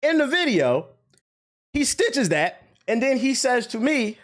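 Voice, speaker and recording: A young man with an extremely high voice talks a little slowly. As a streamer reacting to a critic, he rants in an animated, emphatic way, with plenty of profanity.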